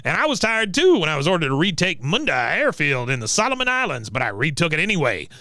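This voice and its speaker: A man's voice: a little high, huge pitch swings, fast talker, sharp tone, no room sound, studio quality, pitched above the performer's own voice, exaggerated voice. A man putting on the voice of a mean, boastful old male war veteran who brags and insults people. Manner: gruff, bragging, insulting.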